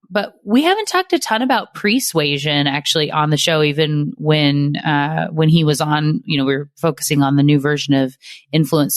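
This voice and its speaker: A woman's voice: low voice, no room sound, clean studio sound. Chatty woman hosting a podcast. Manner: chatty, thinks aloud with fillers. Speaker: podcast host. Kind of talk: casual podcast interview.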